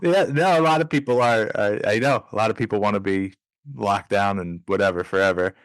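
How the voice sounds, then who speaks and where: A young adult man hosts a podcast and chats in an easygoing way, tossing in quick asides and chuckles. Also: lowish voice, no room sound. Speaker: podcast host. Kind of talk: casual interview chat.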